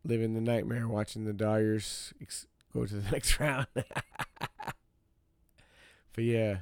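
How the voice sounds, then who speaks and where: A man's voice: on the low side, steady tone, slow, smooth, no echo, studio quality. A man hosting his own podcast, telling a story as a casual rant, repeating himself for emphasis and talking straight to his listeners. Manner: talks straight to listeners as y'all. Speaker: podcast host.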